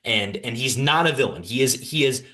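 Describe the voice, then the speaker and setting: A man's voice: medium pitch, moderate pace. A young man hosting a podcast, ranting through a casual film review with lots of restarts and asides. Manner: animated, frequent restarts, rambling asides.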